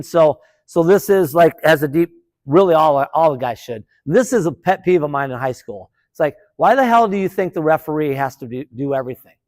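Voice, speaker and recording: A man leading a football officials clinic, lecturing in a loud, casual, conversational way. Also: fairly high pitch, dry recording. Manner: loud, conversational, with many fillers and restarts.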